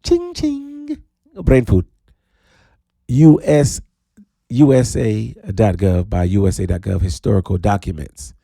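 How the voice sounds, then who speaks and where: A man hosting his own radio talk show, talking in a playful, animated way with sudden high drawn-out calls. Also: creaky, dry recording, clean studio sound. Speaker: radio DJ host. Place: radio studio.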